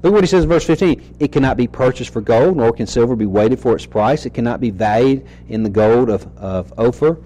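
A man preaching an expository sermon, reading scripture slowly and asking rhetorical questions as he teaches. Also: mid-range voice, mellow, low-quality recording.

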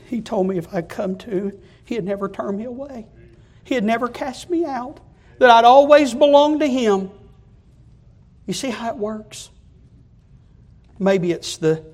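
A male preacher delivering a fervent sermon that keeps rising to loud, repeated climaxes. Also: high-pitched, husky.

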